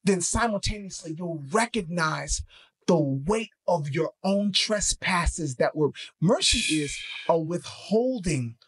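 A man co-hosting a faith podcast, mixing emphatic preaching with animated, slangy storytelling. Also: high-pitched, takes it slowly, slightly rough. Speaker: podcast co-host.

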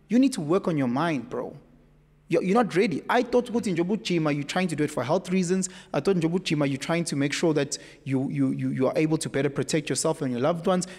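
Casual south african guy on a podcast, animated storyteller, echoey room with long reverb. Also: a little high. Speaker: podcast guest. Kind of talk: casual conversation.

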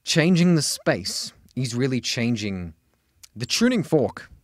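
A man with an Australian accent teaching a singing lesson, chatty and animated, breaking into sung examples. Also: slow, dry recording, studio quality. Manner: chatty, animated, jumps into high sung demos. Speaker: vocal coach.

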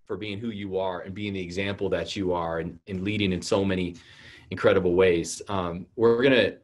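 A man's voice: low voice, steady tone, brisk. A man hosting a church event interview, speaking earnestly with many fillers. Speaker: church host. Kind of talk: hosted interview.

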